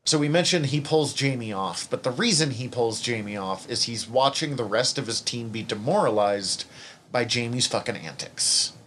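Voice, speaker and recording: A man's voice: medium pitch, expressive, moderate pace, fairly bright tone, slight background noise. A man co-hosting a podcast, chatting casually about a TV series with fillers and acted-out quotes. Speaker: podcast co-host. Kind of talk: casual chat reviewing a TV series.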